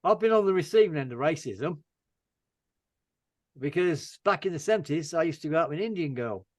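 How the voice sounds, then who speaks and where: A man's voice: a little high, expressive, brisk, dry recording. An older man from England in casual chat as a guest, rambling and dry-humoured.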